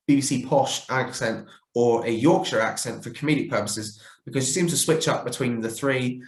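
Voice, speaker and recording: A man giving a casual, opinionated fan review, chatty with frequent fillers and self-corrections. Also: medium pitch. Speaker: fan reviewer ranking characters. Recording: roomy echo.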